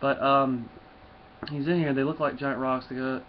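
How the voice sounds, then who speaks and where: A man's voice: medium pitch, flat delivery, normal speed. A man casually reviewing a comic book, rambling with lots of fillers, on a dull lo-fi recording with faint hiss.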